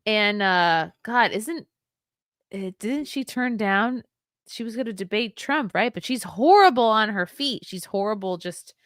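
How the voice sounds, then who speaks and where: A woman hosts a casual chat, her voice swinging up and down with animated energy. She laughs easily and swears freely. The sound is close and dry. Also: medium pitch, unhurried, no echo. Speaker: podcast host.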